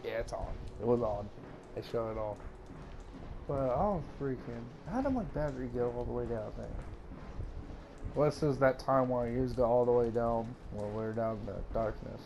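A young man playing a horror game and talking through it, jumpy and excitable, with frequent swearing. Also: medium pitch, normal speed, dull audio, noisy background. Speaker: gaming YouTuber.

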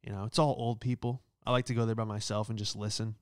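A man's voice: on the low side, flat delivery, fast talker, clean tone, no room sound, studio quality. A male comedian hosting his own show, delivering a sarcastic, rambling stand-up monologue that keeps tossing in "all right?". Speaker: comedian host.

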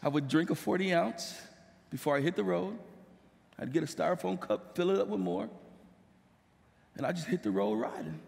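A man's voice: high voice, lively intonation, normal speed, creaky, pauses often, darkish tone. A male pastor giving an emotional sermon testimony, weeping as he speaks and rising into impassioned pleas. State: crying. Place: church sanctuary. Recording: long hall reverb.

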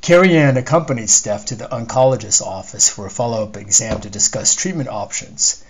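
A man's voice: medium pitch, fairly quick, slightly rough, poor audio. Man reading his own novel. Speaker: author. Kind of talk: scripted narration.

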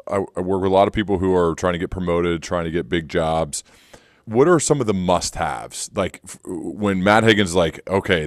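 A man's voice: sits low, no room sound, clean studio sound. A man hosting a podcast who asks his guest direct questions. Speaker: podcast host. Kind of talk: interview questions.

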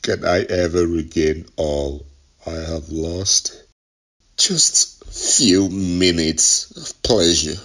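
A man's voice: low-pitched, extremely slow, fairly bright tone, full character voice. A man with a Nigerian accent playing a ruined man lamenting his downfall in a brooding monologue. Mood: despairing. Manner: brooding, self-pitying. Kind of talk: Nollywood film monologue.

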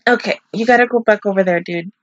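A woman's voice: mid-range voice, fast talker, dry recording, highs cut off. A woman hosting a casual anime reaction video, laughing often and cooing baby talk at her dog.

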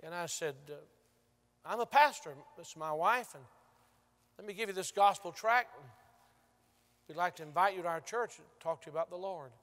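High-voiced, bright preacher, long church reverb. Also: male voice, moderate pace, pauses often. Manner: storytelling preacher, swings from loud to hushed. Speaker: pastor. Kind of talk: sermon. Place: large church sanctuary.

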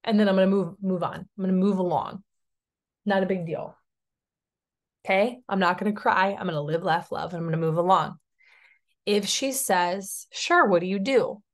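A woman's voice: medium pitch, moderate pace. Chatty woman coaching her sales team. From Tennessee, USA. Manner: chatty, encouraging, checks in with "okay?". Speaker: network marketing team leader. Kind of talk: recorded sales training talk.

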